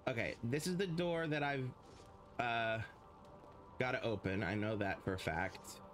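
A man's voice: mid-range voice, unhurried, a bit bright, slight background noise. A man casually commenting on his gameplay as a streamer, rambling and swearing freely.

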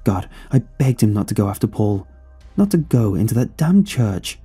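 A man reading a horror story aloud in a somber, measured storytelling manner. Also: fairly low pitch, sing-song, warm tone, husky, soft background music. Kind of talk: scripted horror narration.

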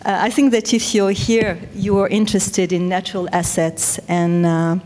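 A woman with a French accent giving a measured, explanatory conference talk. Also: mid-range voice, little pitch movement, a little mellow, slight background noise. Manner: measured, explanatory, with self-corrections. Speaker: conference speaker.

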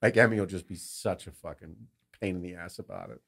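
A man co-hosting a podcast, chatting casually and telling animated, profanity-heavy stories about his family. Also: deep voice, a little fast, vocal fry. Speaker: podcast co-host. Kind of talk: casual chat.

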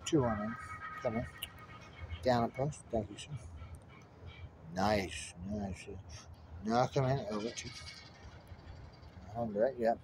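A man's voice: medium pitch, slow pace, long pauses, noisy background. A man in a rambling monologue, muttering strings of numbers and codes to himself. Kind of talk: stream-of-consciousness monologue.

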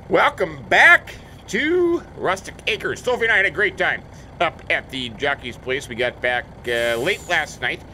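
American guy rambling through a farm sim, bright voice, faint engine noise. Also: fairly high pitch, lively intonation, measured pace. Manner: chatty, joking, talks to imaginary companions. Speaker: let's play host. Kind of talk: casual game commentary with role-play banter. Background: faint game vehicle sounds.

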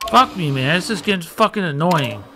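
A man's voice: fairly high pitch, lively intonation, a little fast, pushed and bright, a little hiss or hum. A man muttering and swearing in frustration while playing a video game. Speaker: gamer. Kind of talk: let's play commentary.

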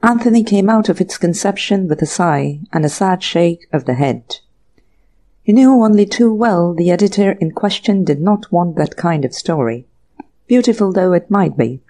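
A woman narrating an audiobook mystery story in an even, measured storytelling manner. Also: lowish voice. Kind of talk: scripted narration.

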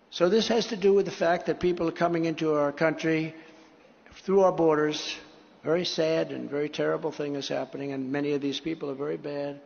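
A man speaking at a rally and reciting a poem, rambling, swinging from loud bursts to low muttering. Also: creaky. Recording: echoey hall, dull lo-fi sound.

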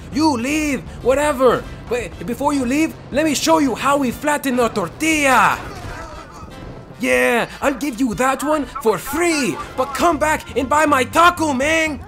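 A man's voice: pushed and bright, heavily acted. A man putting on a drawling taco salesman, mock Mexican accent. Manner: slow, laid-back sales pitch. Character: pushy drawling male street taco salesman. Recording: game music behind.

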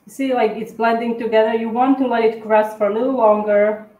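A woman co-hosting a live cookie-decorating tutorial, chatting in a halting way with lots of fillers and restarts. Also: on the high side, steady tone, roomy sound, narrow, tinny audio. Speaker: cookie decorating livestream co-host. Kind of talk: casual tutorial chat while decorating.

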